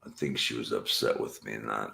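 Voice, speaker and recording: A man's voice: rumbling low, fairly even intonation, brisk, creaky, bright, forceful tone. A man hosting his own late-night live stream, rambling casually to the chat. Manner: rambling, drifting, talking to the chat. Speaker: channel host.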